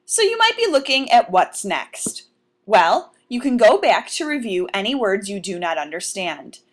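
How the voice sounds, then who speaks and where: A woman teacher walks through vocabulary words in a recorded lesson, speaking clearly and deliberately. Her pitch rises and falls a lot as she explains, and she keeps turning to her students with questions. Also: big pitch swings.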